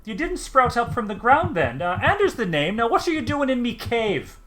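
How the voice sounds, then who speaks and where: A man voicing a fussy, excitable male halfling farmer with a rustic way of talking. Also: very high-pitched, normal speed, a little hiss or hum, voice pushed up, full character voice. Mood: flustered. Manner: excitable, folksy.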